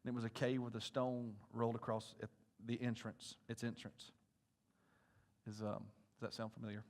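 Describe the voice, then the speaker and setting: A male pastor preaching a sermon to his congregation, dropping to hushed asides and rising to loud, intense appeals while asking the room questions. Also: mid-range voice, level tone, moderate pace. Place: church sanctuary.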